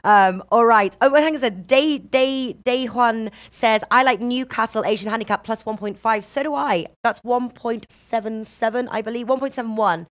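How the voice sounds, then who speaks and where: A woman's voice: a little high, moderate pace, few pauses. Upbeat woman hosting a betting stream. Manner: upbeat, reads viewer comments aloud. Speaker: betting show host. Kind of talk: live-streamed betting tips chat.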